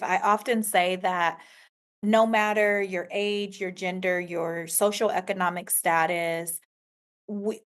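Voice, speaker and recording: A woman hosting a podcast interview, speaking in a conversational, affirming way and laughing often. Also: lowish voice. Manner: warm affirming, frequent laughter. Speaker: podcast host.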